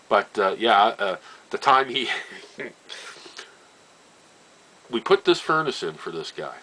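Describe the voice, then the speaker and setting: Over a rough recording, an older Nova Scotia man casually tells family stories in a lowish, bright, forceful voice that is slightly rough. He often laughs, drops chuckling asides, and trails off to repeat phrases.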